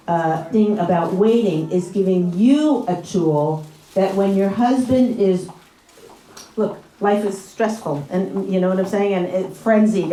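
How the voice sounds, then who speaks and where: A woman leads a live workshop in an echoey room. She talks in a chatty, animated way, laughs a lot and acts out small quarrels. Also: medium pitch, a little hiss or hum. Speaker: relationship workshop speaker. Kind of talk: live workshop talk to an audience.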